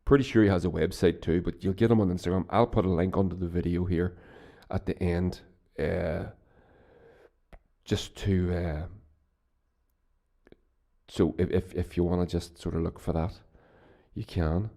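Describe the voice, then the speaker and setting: A man's voice: deep voice, fairly even intonation, moderate pace, gravelly, pauses often, dark tone. A Northern Irish man hosting his own podcast, chatting casually in a rambling, profane way with lots of restarts. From Northern Ireland. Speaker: podcast host. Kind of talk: casual solo podcast chat.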